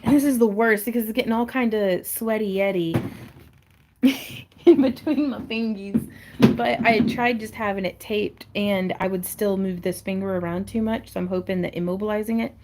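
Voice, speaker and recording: A woman's voice: medium pitch, moderate pace, darkish tone, a little hiss or hum. A woman hosting a casual crafting livestream from her home craft space, chatting in a bubbly, giggly way and reading viewer comments aloud.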